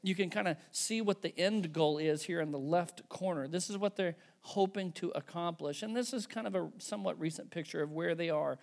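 Man, pastor, sermon, gravelly, conversational, emphatic. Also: a little high, a little fast, hardly any pauses. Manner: conversational, emphatic, tags with "right?" and "okay".

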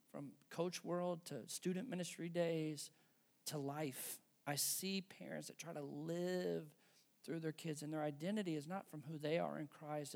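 A man's voice: a little high, gravelly, darkish tone. A middle-aged man giving an earnest, exhorting sermon to parents, talking straight to his listeners. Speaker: pastor.

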